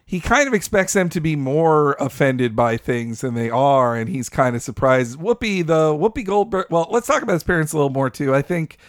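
A man co-hosting a podcast in a casual discussion of a film, animated and swearing freely. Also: fairly high pitch, fairly quick, hardly any pauses, dry recording, studio quality. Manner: animated, swears freely, acts out quoted voices. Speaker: podcast co-host.

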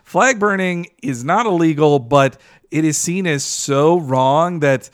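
A man's voice: on the high side, slow pace, clean tone, no echo, clean studio sound. A man co-hosting a podcast in casual chat, heated and ranting, swearing freely. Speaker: podcast co-host.

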